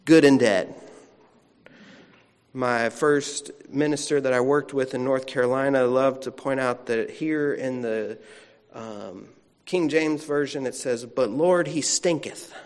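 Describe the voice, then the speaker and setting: A male pastor preaches at an unhurried pace, telling the story in a chatty way and turning to the congregation with asides. His voice sits in the middle range. A long reverb from a large church hall trails after each sentence. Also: medium pitch, fairly even intonation, smooth. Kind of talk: sermon.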